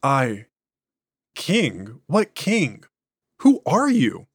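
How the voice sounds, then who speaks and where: A man's voice: mid-range voice, wildly swooping pitch, drawn-out words, breathy edge, no echo, clean studio sound, full character voice. A man voicing a male interrogator who reasons earnestly with his subject. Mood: alarmed. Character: patient male interrogator losing his nerve.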